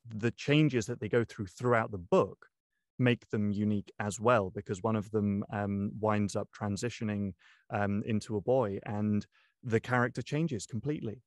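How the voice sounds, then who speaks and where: A young man, an audiobook narrator, talking through his craft in a casual interview, pausing often with ums and restarts. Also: lowish voice, steady tone, no room sound, clean studio sound. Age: young adult. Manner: thoughtful, many ums and restarts. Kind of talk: interview guest, casual talk.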